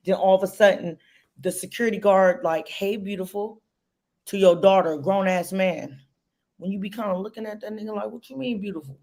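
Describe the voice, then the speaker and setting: A woman's voice: medium pitch, a little mellow. A woman on a podcast in casual chat, telling stories bluntly and cursing freely. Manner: blunt, profane storytelling.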